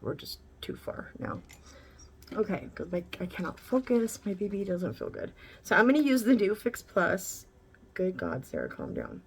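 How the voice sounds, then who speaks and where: A woman's voice: lowish voice, vocal fry, slightly rough. A woman vlogger chatting casually through a makeup tutorial, candid and rambling, swearing now and then.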